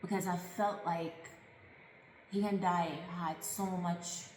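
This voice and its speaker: A woman's voice: lowish voice, fairly even intonation, slow, darkish tone, roomy sound, in a large hall, slight background noise, low-quality recording. A woman earnestly recounting her own life story, reflective and emotional. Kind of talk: personal life story narration.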